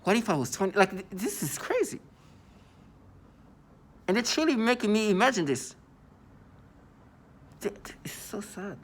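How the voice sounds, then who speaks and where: A man's voice: high voice, sing-song, moderate pace, long pauses. A man in his thirties delivering an agitated vlog monologue, repeating himself and stumbling over restarts. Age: 30s. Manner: agitated, repetitive, stammering restarts.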